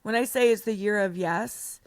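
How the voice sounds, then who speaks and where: A middle-aged American woman, a podcast guest, telling her story in a blunt, animated way with the odd swear word. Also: medium pitch, normal speed, no room sound, studio quality. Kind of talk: storytelling in an interview.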